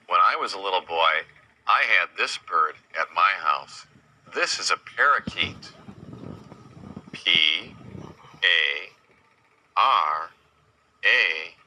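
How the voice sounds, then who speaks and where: A man teaching young children, slowly naming animals, asking simple questions and spelling each word letter by letter. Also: sits low, bright, forceful tone, poor audio.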